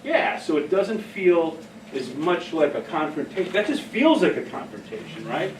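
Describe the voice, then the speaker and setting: A man's voice: fairly high pitch, big pitch swings, moderate pace, background noise. A man leading a staff training session in a casual, storytelling way, often laughing at his own stories. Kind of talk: workshop talk. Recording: echoey room, heard from a distance.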